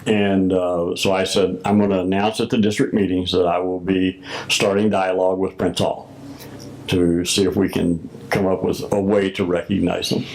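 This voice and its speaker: An older man from the United States recalls past events in a slow, storytelling way, acting out the exchanges he quotes. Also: deep voice, level tone, creaky, darkish tone, poor audio. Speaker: former Masonic grand master. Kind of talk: oral history recollection.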